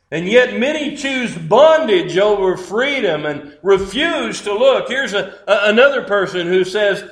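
Preacher, male, high and unhurried, dramatic storyteller, roomy echo. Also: expressive. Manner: dramatic storytelling, voicing characters in quotes. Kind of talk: sermon.

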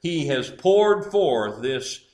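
A man's voice: medium pitch, very animated, drawn-out words, darkish tone, roomy sound. A man preaching a sermon, building emphasis through repeated phrases.

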